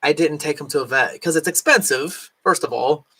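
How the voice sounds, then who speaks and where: A man's voice: fairly high pitch, moderate pace, pushed and bright, husky. A man vlogging casually at home with a rambling, filler-heavy way of talking, his voice still worn from recently losing it. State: recovering from lost voice, can't reach high notes. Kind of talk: casual chat. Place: home, cat nearby.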